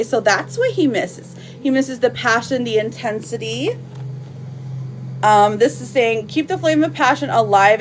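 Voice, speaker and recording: A woman reading tarot cards on a live stream, chatting casually and warmly with lots of fillers and slang. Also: fairly high pitch.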